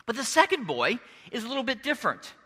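Animated middle-aged preacher in a big hall. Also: male voice, very high voice, fast talker, slightly rough. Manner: expressive storyteller, switching into character voices. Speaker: pastor. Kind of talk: sermon.

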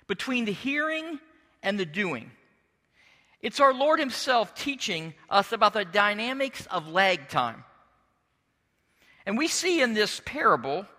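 Animated middle-aged preacher in a big hall. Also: male voice, sits high. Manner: expressive storyteller, switching into character voices. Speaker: pastor. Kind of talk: sermon.

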